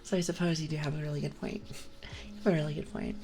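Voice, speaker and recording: A young woman streamer doing whispered ASMR livestream chat on a binaural mic, rambling playfully to her viewers in a soft whisper. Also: low-pitched, steady tone, fast talker, gravelly, background noise.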